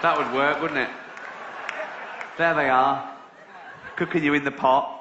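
A middle-aged man doing a stand-up routine, chatty and sweary, breaking into laughter at his own jokes. His voice sits fairly high. The sound is an echoey, muffled live recording with a lot of noise behind it. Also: fairly even intonation, a little slow, over a noisy crowd. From England. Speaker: stand-up comedian.

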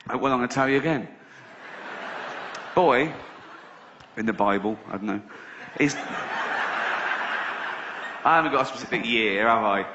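A man's voice: medium pitch, normal speed, long pauses, noisy background. A man doing stand-up, telling a rambling, sweary story with sarcastic asides. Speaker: stand-up comedian. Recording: slightly dull live recording.

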